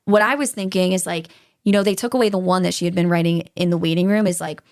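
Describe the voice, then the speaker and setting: A woman's voice: fairly low pitch, fairly even intonation, quick pace, darkish tone, no room sound, clean studio sound. A woman hosting a true-crime podcast, talking casually and getting worked up, swearing freely. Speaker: podcast host.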